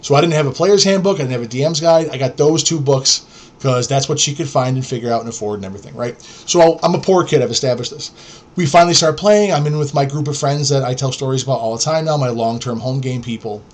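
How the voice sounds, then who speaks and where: A man's voice: mid-range voice, quick pace. A middle-aged man from New York, a podcast host telling stories in a blunt, profane, rambling way. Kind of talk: casual storytelling.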